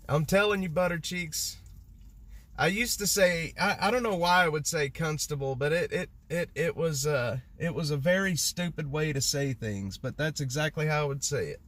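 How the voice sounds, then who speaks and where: A man's voice: a little high, fairly bright tone. A man from Texas, chatting casually to his live-stream audience, rambling and poking fun at himself. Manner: rambling, self-mocking, talks to chat. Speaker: livestreamer.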